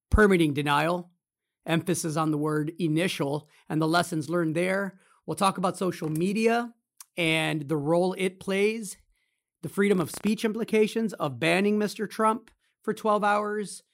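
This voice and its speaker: A man in his early forties hosts a casual podcast, leaning on key words and slowing down to make a point. His voice sits a little high for a man and carries a gravelly rasp. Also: steady tone. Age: 40s. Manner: emphatic, deliberate delivery. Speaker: podcast host.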